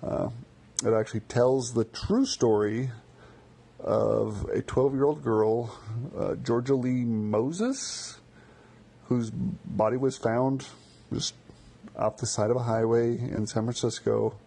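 A man casually talking through his favorite songs for a podcast, in a relaxed, rambling way with many fillers and repeated words. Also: medium pitch, slow, gravelly, breathy edge. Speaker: music podcaster. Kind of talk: casual spoken music commentary.

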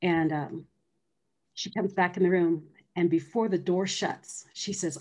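A woman's voice: on the low side, fairly even intonation, a little slow, darkish tone. A middle-aged woman earnestly telling her personal story as an interview guest. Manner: earnest, acts out quoted voices.

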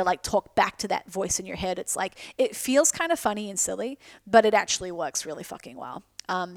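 A woman hosts her own podcast alone, talking casually and frankly with plenty of swearing and self-mocking asides. Her mid-pitched voice carries a gravelly fry, and the recording is dry and close. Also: no echo. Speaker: podcast host. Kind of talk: casual solo podcast talk.

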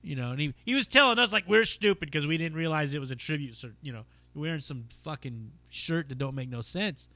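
A man rambles through a story on his own podcast, swearing freely and leaning on "you know" and "um". His voice is bright and forward. The recording is dry and close, with no room sound. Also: on the high side, fairly quick, hardly any pauses, no room sound. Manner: rambling, profane, lots of fillers. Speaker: podcast host and stand-up comic. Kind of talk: casual solo storytelling.

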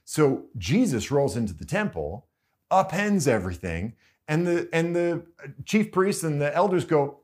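Man, pastor, sermon, conversational, lively intonation. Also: medium pitch, moderate pace. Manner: conversational, animated storytelling.

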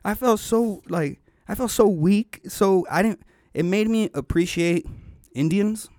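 A man on a podcast telling a long story in casual chat, animated and full of slang and swearing. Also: high-pitched, unhurried, no room sound, clean studio sound.

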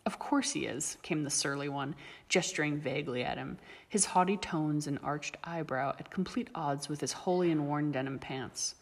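A woman reading a story aloud as narrator, steady and even. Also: deep voice, normal speed. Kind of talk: audiobook reading of fan fiction. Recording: long reverb.

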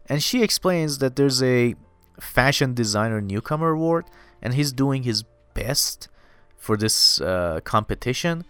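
A man's voice: mid-range voice, fairly bright tone, clean tone. A man casually recapping a manga chapter, loose and rambling, full of fillers and "dude".

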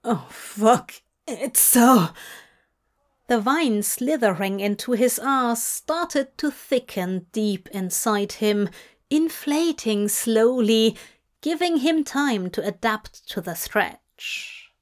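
A woman narrating a fan story in a slow, measured reading voice. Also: fairly high pitch, lively intonation. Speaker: audiobook reader. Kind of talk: scripted narration.

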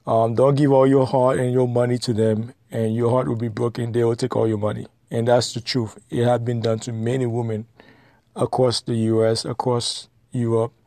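A man's voice: mid-range voice, flat delivery, moderate pace, dark tone, no echo, clean studio sound. A man giving blunt, lecturing advice in an opinionated monologue, repeating his points.

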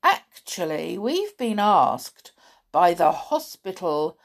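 A woman's voice: lowish voice, big pitch swings, slow pace, exaggerated voice. A woman voicing a cheeky young boy who bluffs in a pompous, mock-formal manner in a storybook.

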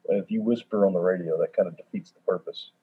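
A man's voice: low voice, fairly even intonation, fast, husky. A man who is a pastor, co-hosting a casual chat and teasing his brother. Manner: teasing, joking. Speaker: pastor and podcast co-host. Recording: tinny phone-like line.

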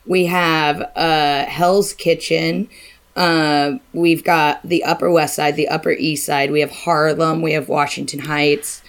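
Wry woman with a lowish voice. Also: level tone, slow, clean tone. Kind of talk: casual chat.

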